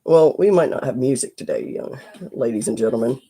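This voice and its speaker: A face and body painter chatting casually through a live stream from a home studio, rambling and drifting into soft asides while painting. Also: mid-range voice, lively intonation, brisk.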